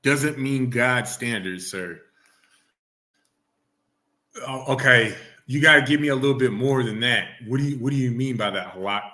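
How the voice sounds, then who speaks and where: A man teaching a religious class, questioning his students and coaxing answers out of them. He repeats himself often and reads scripture slowly and deliberately. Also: mid-range voice, bright, forceful tone.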